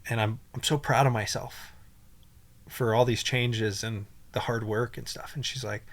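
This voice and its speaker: A man's voice: medium pitch, fairly even intonation, normal speed. Rambling, emotional young man. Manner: rambling, emotional, many fillers and restarts. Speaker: podcast guest. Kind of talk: casual storytelling.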